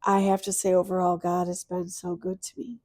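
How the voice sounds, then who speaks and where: A middle-aged woman, a podcast guest, telling a personal story of loss, tearful and earnest, moving from soft hushed lines to louder bursts. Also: lowish voice, monotone, moderate pace, dry recording.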